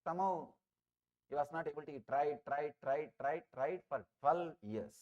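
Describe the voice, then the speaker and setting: An Indian-accented male spiritual teacher giving a discourse, his voice sitting somewhat high for a man. He speaks emphatically, telling parables and repeating words to drive each point home. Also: animated, moderate pace, pauses often. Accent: Indian English. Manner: emphatic, repeats phrases for effect.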